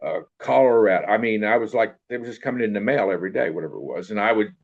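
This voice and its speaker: A man's voice: on the low side, fast. An older man telling a rambling, folksy story from his past, full of fillers and tags like "you know what I mean". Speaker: interviewee telling life story. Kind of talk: casual storytelling. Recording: dull lo-fi recording.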